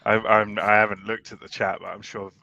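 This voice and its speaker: A man's voice: on the low side, flat delivery, a little fast, vocal fry, bright, forceful tone, no echo, lo-fi sound. A man hosting a casual livestream chat, joking and swearing with plenty of ums. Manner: joking, swears, many fillers. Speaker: host.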